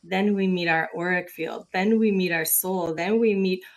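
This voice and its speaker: A woman's voice: fairly low pitch, steady tone, moderate pace. A woman guest in a live conversation, speaking earnestly about spiritual ideas.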